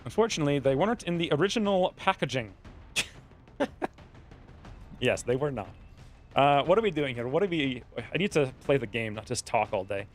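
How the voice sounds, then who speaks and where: A man's voice: medium pitch, sing-song, moderate pace, pauses often, faint music behind. A man streaming a strategy game, chatting casually and drifting into stories while he plays. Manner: rambling, distracted, storytelling asides. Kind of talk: casual gameplay commentary.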